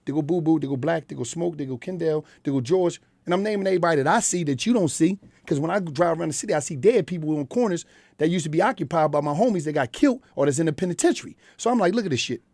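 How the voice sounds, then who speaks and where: Middle-aged Philadelphia man, rapid blunt talker, dry studio sound. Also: a little high, expressive, darkish tone, no echo. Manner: blunt, profane street storytelling. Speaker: guest. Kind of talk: candid interview talk. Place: radio studio.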